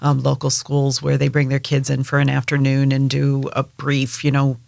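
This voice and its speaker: Podcast guest: man, gravelly, monotone, relaxed with fillers. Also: mid-range voice, normal speed, no room sound. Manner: relaxed, lots of fillers, even delivery. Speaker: guest from a culinary center. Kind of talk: casual chat.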